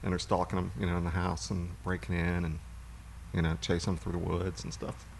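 Male co-host, very low voice with fry, relaxed and rambling, faint noise behind. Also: a little fast. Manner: rambling, relaxed movie recaps with fillers. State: hiccuping. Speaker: podcast co-host. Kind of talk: casual chat.

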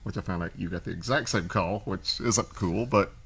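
A man's voice: low voice, moderate pace, gravelly, breathy edge. A man hosting a casual chat, telling a long story and acting out what people said. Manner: animated storyteller, acts out quoted voices. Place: cigar shop.

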